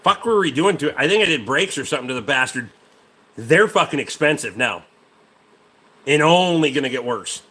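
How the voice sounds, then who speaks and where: Man, mechanic livestream host, casual rambling, lots of swearing, bright forceful tone. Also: fairly high pitch, lively intonation, moderate pace. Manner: profane, rambling, answers chat.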